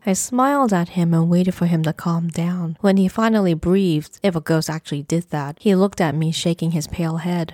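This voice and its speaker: A woman narrating her own first-person story, calm and even with dry humor. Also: fairly low pitch, moderate pace, hardly any pauses, dry recording. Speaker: author and narrator.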